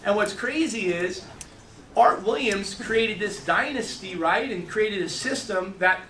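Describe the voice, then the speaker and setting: A man's voice: high voice, lively intonation, bright, forceful tone, a little hiss or hum. A middle-aged man giving a sales training talk to a group, telling stories in a rush, with many restarts. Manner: fast storytelling with lots of restarts. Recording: echoey room, mic from a distance.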